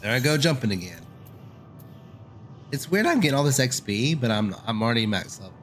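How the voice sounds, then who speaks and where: A man's voice: mid-range voice, very animated, fairly quick, soft background music. A man streaming a game, giving casual gameplay commentary with chatty, self-deprecating asides.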